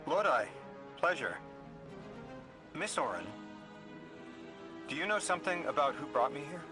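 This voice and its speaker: A man's voice: fairly high pitch, very animated, measured pace, music in the background. A man voicing a courteous, curious young stranger in a video game who asks careful questions. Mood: wary. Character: polite young male stranger, wary and curious.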